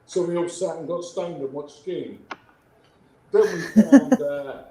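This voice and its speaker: A middle-aged man with a British accent, a guest author telling stories in casual chat, profane and animated. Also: fairly high pitch, unhurried, a crowd in the background. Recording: echoey room, faint ambience.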